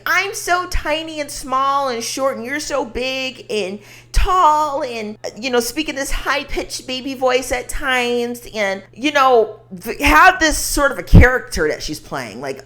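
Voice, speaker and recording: A woman's voice: mid-range voice, a bit bright. A young woman giving a blunt, emphatic, slangy commentary rant to the camera. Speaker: commentary vlogger.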